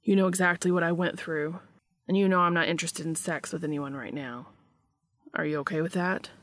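A woman reading a storybook part as an easygoing grown man who talks softly and coaxingly, sometimes whispering. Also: lowish voice, steady tone, brisk, natural voice. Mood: tender.

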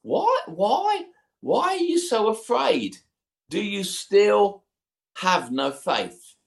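A man voicing an exasperated male teacher who scolds his frightened followers in plain, colloquial words, his voice climbing high as he pleads. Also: big pitch swings, unhurried.

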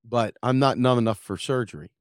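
A man's voice: mid-range voice, brisk, no echo, studio quality. A middle-aged American man hosting a podcast, telling a story in a casual rant and acting out the quotes, swearing along the way. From United States. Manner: animated, acts out quotes with swearing. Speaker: podcast host.

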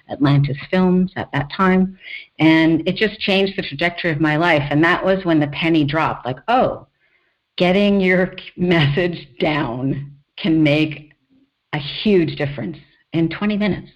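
A middle-aged woman, a screenwriter and author, telling her own story as a podcast guest, animated, often laughing and acting out quotes. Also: sits low, highs cut off.

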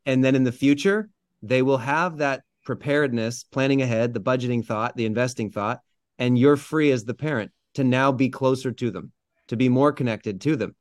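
A man talks earnestly in a relaxed podcast conversation and backs up the host's points. His voice sits in an ordinary middle range. The recording is dry and close. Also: medium pitch, moderate pace, no echo. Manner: earnest, affirming. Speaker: podcast guest. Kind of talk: casual chat.

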